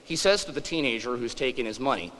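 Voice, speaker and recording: A man's voice: mid-range voice, animated, quick pace, a bit bright, big-room sound, rough recording. A man in his forties giving a humorous public lecture, wry and self-deprecating. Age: 40s.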